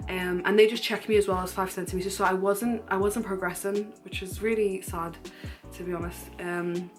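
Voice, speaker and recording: A young woman, candidly retelling a personal story in a casual vlog, animated and full of fillers. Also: mid-range voice, moderate pace, soft background music. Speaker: vlogger.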